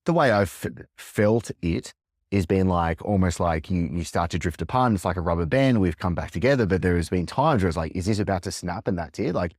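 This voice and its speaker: A man's voice: low-pitched, expressive, a little fast, a little mellow, no echo, clean studio sound. A man in his thirties hosting a podcast, speaking reflectively and thinking aloud with many restarts. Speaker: podcast host. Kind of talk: reflective conversation.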